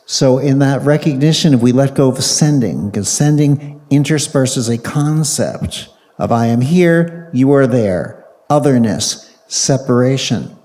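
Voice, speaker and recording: A man speaking on a panel coaxes a live audience through a guided exercise, repeating short commands playfully. His mid-range voice is mellow and animated, a little slow. The recording echoes with the long reverb of a large hall.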